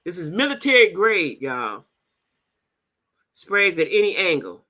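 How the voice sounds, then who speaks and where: A woman's voice: fairly low pitch, sing-song, unhurried, pushed and bright. A woman hosting a casual livestream, chatting with her audience and reading their comments aloud. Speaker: livestream host.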